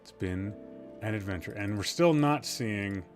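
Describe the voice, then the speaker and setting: With soft music behind him, a man with a lowish, animated voice talks a little slowly. He's hosting a casual gaming stream, rambling, joking at his own expense, cursing occasionally, and sounding tired and somewhat loopy.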